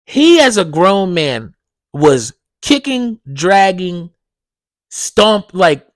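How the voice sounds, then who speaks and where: Profane ranting podcast host, dry sound. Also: male voice, drawn-out words, no echo. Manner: profane, animated, gets loud and high when ranting. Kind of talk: casual ranting monologue.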